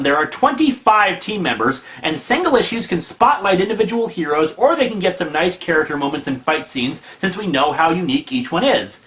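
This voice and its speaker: Snarky, lively male comic reviewer. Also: sits high. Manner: snarky, mocking, animated. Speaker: comic book reviewer host. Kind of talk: sarcastic comedic review.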